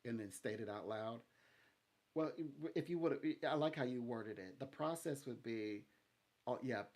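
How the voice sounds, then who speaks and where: A man giving a phone psychic reading, talking gently and haltingly with many restarts and fillers. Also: mid-range voice. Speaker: psychic reader.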